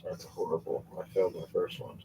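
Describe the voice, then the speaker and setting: A man running a tabletop game as game master, telling the story in a rambling, excitable and profane way. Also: low-pitched, a little fast, slight background noise, poor audio.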